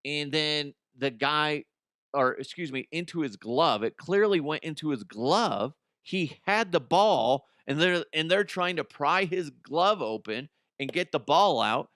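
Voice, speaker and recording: A man's voice: fairly high pitch, lively intonation, unhurried, a bit bright, dry recording, studio quality. A man hosting a comedy podcast, ranting animatedly with profanity and laughing at his own jokes. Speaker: podcast host.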